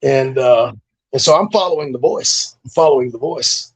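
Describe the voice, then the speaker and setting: Middle aged ex wrestler guy telling stories, cussing a lot, gravelly husky voice. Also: mid-range voice, moderate pace. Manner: profane, laid-back storytelling with frequent laughs and fillers. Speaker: former pro wrestler, guest. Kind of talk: casual storytelling interview.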